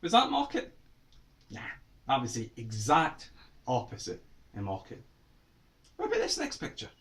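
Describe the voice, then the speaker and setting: A Scottish man teaches children in a playful lesson, throwing quiz questions at them. His voice sits in a middle pitch but swings up and down animatedly as he asks and answers. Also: moderate pace. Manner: lively, quizzing kids with questions. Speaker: writer teaching Scots words to children.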